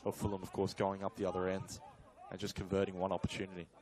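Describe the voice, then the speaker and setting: Over crowd noise, a man gives colour commentary on a live football match, talking through the play conversationally and analytically with fillers and quick self-corrections. His voice is low and his delivery completely flat.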